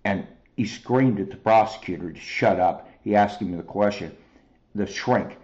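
A man's voice: lowish voice, moderate pace, a little mellow, muffled recording. A man hosting a talk show, delivering an angry, profane monologue straight to his listeners. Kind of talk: heated monologue.

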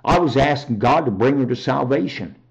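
A man giving a rambling, emphatic personal testimony on a talk show, often raising his voice to near shouting. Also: medium pitch, animated, fairly quick, creaky, lo-fi sound.

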